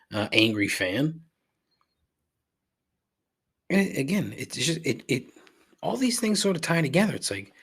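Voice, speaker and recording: A middle-aged man hosting a podcast, rambling through a profane rant that climbs in pitch when he gets riled. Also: a bit bright. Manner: rambling and repetitive, swears freely, rises in pitch when riled. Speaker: podcast host. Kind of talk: casual profane ranting monologue.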